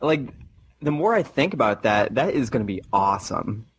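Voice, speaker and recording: A man's voice: mid-range voice, very animated, normal speed, slight background noise. A man talking casually as a podcast guest, in an easygoing, rambling way with lots of fillers.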